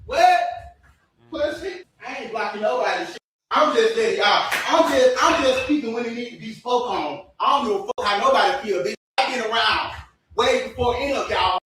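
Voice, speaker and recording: A high-pitched man rants heatedly on his livestream. He curses at commenters, shouts at times, and keeps breaking off to apologize. He talks straight into his phone or webcam mic from home. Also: fairly quick, a little hiss or hum. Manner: profane, confrontational, repeatedly apologizing.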